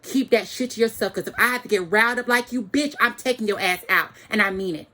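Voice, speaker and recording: A woman's voice: on the high side, fast talker, sharp tone. A woman giving an angry, profane ranting monologue to the camera, repeating phrases for emphasis.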